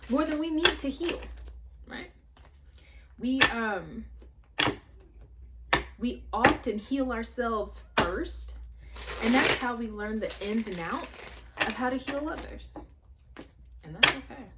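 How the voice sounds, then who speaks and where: A woman's voice: fairly high pitch, animated, a little slow, pauses often, heavy background noise. A woman chatting her way through a tarot reading, thinking aloud with many fillers and asides. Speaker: tarot reader. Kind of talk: casual spiritual tarot reading.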